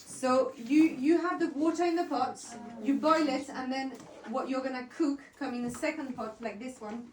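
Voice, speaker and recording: A woman's voice: sits high, fairly even intonation, normal speed, hardly any pauses, a little hiss or hum. A woman teaching an indoor herbalism workshop, chatty and encouraging, explaining each step to a group. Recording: roomy sound from a distant mic.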